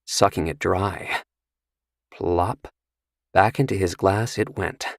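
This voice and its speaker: Low-voiced male audiobook narrator. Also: slow pace, creaky, no echo, clean studio sound.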